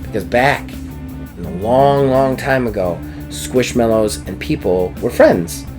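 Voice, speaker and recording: A man voicing a gentle, wise female fox plush creature who explains things in a soft, calm way. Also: mid-range voice, a little slow, music in the background, lightly acted. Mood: calm explaining.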